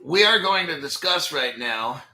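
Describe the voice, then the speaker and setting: A man hosting a crypto channel speaks straight to his viewers as he works at his computer, casual, blunt and exasperated in his livestream commentary. His voice is fairly high, animated, pushed and bright, and a little slow.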